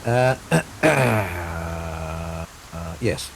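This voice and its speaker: A man's voice: sits low, lively intonation, drawn-out words, creaky. A man playing a tabletop role-playing game, speaking hesitantly and stumbling through his character's pleas. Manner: hesitant, many fillers and restarts when speaking in character. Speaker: player. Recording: faint background noise.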